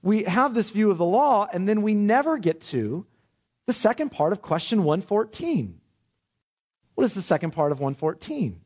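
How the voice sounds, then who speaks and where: A man's voice: sits high, very animated, moderate pace, a little mellow. A man preaching a sermon to a congregation, speaking with emphatic, rising lines and frequent questions to his listeners. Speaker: pastor. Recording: dull lo-fi sermon recording.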